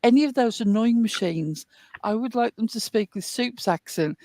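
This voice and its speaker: A regular on the show, this woman from the north of England speaks with a Northern English accent in a somewhat high, animated, slightly mellow voice at normal speed, with no room sound. Her casual livestream chat is wry and articulate, and she laughs at herself.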